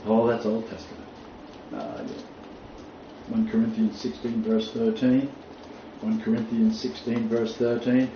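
A man's voice: on the low side, measured pace, creaky, long pauses, warm tone. A man preaching a sermon, quoting scripture emphatically and rising on key phrases. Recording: roomy, distant, dull, faint noise.

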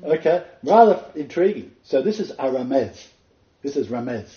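A man's voice: medium pitch, sing-song, moderate pace, mellow. A man teaching as a messianic rabbi and minister, quoting scripture with dramatic emphasis. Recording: echoey, dull lo-fi room sound.

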